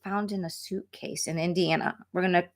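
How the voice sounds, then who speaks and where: Middle-aged woman, true crime host, chatty live-stream delivery with lots of fillers and restarts; slightly low voice. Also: fairly even intonation, brisk. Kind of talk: casual live-stream chat.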